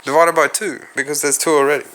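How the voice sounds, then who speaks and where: Speaking fast in a fairly high, level and slightly bright voice, this Australian podcast host goes solo. He rambles and muses, curses offhandedly, and addresses his viewers directly.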